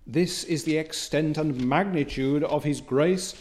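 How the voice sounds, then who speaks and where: Male preacher, fairly high voice, slow and deliberate delivery with emphatic swells. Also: darkish tone. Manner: reads scripture in old biblical wording. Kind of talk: sermon.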